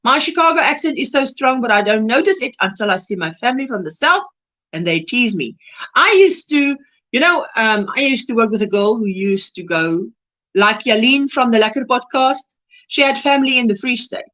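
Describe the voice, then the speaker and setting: A woman's voice: fairly high pitch, lively intonation, moderate pace, fairly bright tone, rough recording. A South African woman hosting a crochet livestream, chatting casually and reading out and greeting viewers' comments by name.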